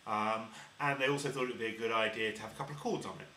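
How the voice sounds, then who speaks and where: A man's voice: on the low side, very fast, recorded from a distance, very noisy. A man teaching harmonica step by step, patiently explaining and demonstrating each sound. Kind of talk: step-by-step instrument lesson. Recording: roomy echo.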